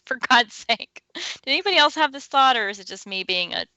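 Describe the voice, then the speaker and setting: A woman's voice: high voice, sing-song, fast, pushed and bright, no echo, low-quality recording. A woman co-hosting a casual book discussion, sarcastic and exasperated about the plot. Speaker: podcast co-host.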